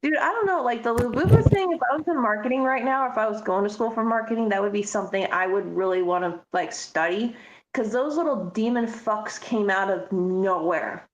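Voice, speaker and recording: A woman's voice: a little high, a little fast, highs cut off. A woman co-hosting a podcast, telling stories bluntly and swearing freely in casual chat. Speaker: podcast co-host. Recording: roomy echo.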